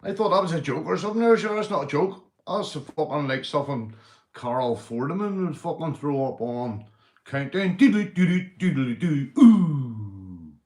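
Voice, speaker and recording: A Northern Irish man hosting a livestream, telling crude jokes, swearing and shouting out viewers. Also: on the high side, expressive, brisk. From Northern Ireland. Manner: rowdy, swearing, joke-telling, reading viewer comments. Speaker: livestream host. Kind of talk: casual livestream chat.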